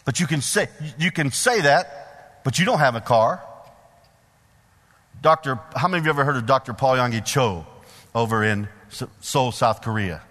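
A middle-aged male preacher giving a sermon in a church, folksy and animated, putting questions to the congregation. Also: medium pitch, normal speed, long pauses. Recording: long hall reverb.

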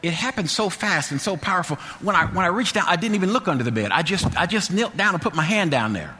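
A man's voice: high-pitched, animated, fast, bright, forceful tone. A man preaching a sermon, telling a personal story fervently with many restarts and repetitions. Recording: long hall reverb.

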